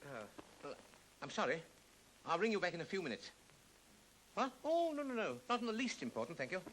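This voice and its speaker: An actor playing a brisk, distracted businessman juggling phone calls in a 1930s film. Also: sits high, very animated, fairly bright tone, rough recording. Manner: brisk, distracted, clipped replies. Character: flustered businessman on the phone, middle-aged. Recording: faintly hissy 1930s film soundtrack.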